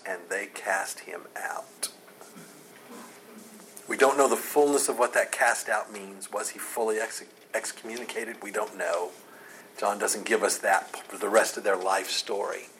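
A man with a lowish voice and measured pace teaches a Bible chapter verse by verse, a slight hiss or hum under the recording. Conversational and animated, he performs the speakers' lines with sarcasm and laughs.

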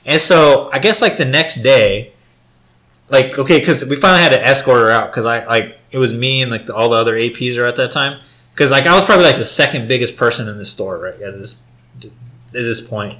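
A man's voice: medium pitch, fairly quick, pushed and bright. A young man telling a rambling, profane story in casual chat, full of filler words.

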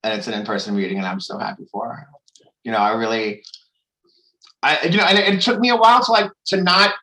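A man with a fairly high, bright, forceful voice gives an open personal share at a support meeting. He rambles and restarts his sentences, swears freely and talks frankly about emotional things. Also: fast, rough recording. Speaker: member sharing at a recovery meeting.

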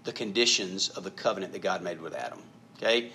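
A man's voice: deep voice, fast talker, bright, forceful tone, slight background noise. A male pastor preaching a sermon in a conversational, emphatic way, often repeating words.

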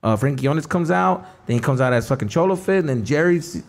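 Man, comedian guest, rapid-fire delivery, slightly high voice, swears a lot, casual slang. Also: lively intonation. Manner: fast, profane, slangy storytelling. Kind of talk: casual podcast chat.

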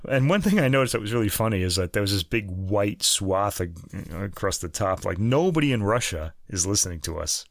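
A middle-aged man with a lowish voice co-hosts a music podcast, rambling along in relaxed chat and laughing at his own jokes. The recording is dry and close, with no room sound. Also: brisk, few pauses, no echo. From United States. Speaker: podcast co-host. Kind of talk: casual chat.

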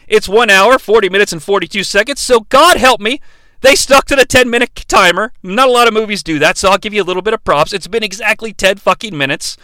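A man's voice: sits high, bright, forceful tone, no echo. A young man hosting a comedic bad-movie recap, sarcastic, profane and rambling. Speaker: host, bad-movie reviewer.

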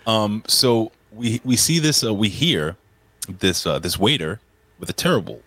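A man co-hosting a wrestling review podcast, talking casually with lots of swearing and animated banter. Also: on the low side, unhurried. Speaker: podcast co-host.

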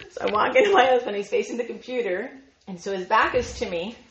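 A fairly high-voiced woman gives a humorous talk at a women's ministry gathering. She is animated and chatty, laughs often and fills her lines with "like". The room sound is echoey and a bit muffled. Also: moderate pace, a crowd in the background. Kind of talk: humorous storytelling talk to a live audience. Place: event room.

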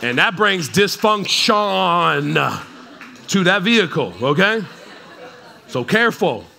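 High, bright-voiced man preaching conversationally. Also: sing-song, slow, creaky. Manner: chatty, keeps checking in with the crowd, playful asides. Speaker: pastor. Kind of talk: conversational sermon. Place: church service in front of a congregation.

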